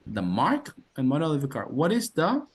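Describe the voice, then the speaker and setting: A man's voice: on the high side, wildly swooping pitch, moderate pace, breathy edge. A man teaching call center English on a video call, repeating phrases and encouraging the learners. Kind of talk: online class coaching.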